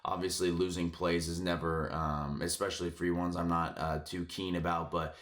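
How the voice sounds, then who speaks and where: A man hosting a sports betting picks channel, ranting casually with lots of cursing, filler words and frustration, a bit hoarse from yelling. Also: deep voice, level tone, moderate pace.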